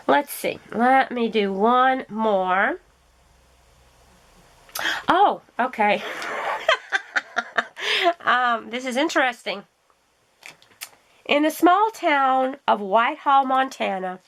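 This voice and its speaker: A middle-aged woman talks to her viewers while she works on a craft project. She tells stories in an easy, chatty way and laughs often. Her voice sits a little higher than most. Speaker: craft vlogger. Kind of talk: casual chat while crafting.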